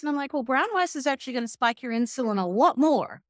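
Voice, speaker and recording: A woman's voice: sits high, very fast, hardly any pauses, dry recording, studio quality. A middle-aged woman, a health and wellness coach, talking in a casual interview and acting out sarcastic quotes. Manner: animated, acts out quoted voices, sarcastic asides.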